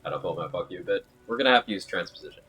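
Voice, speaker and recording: A man's voice: sits low, expressive, very fast, bright, forceful tone, breathy edge, faint music behind, poor audio. A man streaming a game, chatting casually and joking while reading viewer comments aloud. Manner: jokey, riffing and reading chat aloud. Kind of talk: casual chat with live chat.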